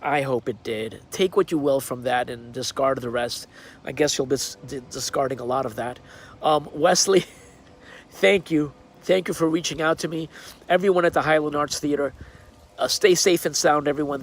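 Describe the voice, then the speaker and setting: A man's voice: a little high, normal speed. A man recording a casual video greeting outdoors on his backyard deck, friendly and hesitant, with many fillers. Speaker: celebrity well-wisher sending a video message.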